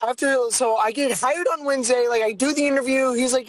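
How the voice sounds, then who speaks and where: A young adult podcast host, telling a story in a profane, ranting, animated way. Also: sits high, brisk, low-quality recording. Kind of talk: casual comedic storytelling.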